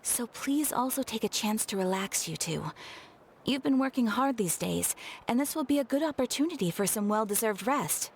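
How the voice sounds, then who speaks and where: A woman voicing a polite, businesslike female guild receptionist in a game, with a crispy, hissing sound on her voice. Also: a little high, animated, normal speed.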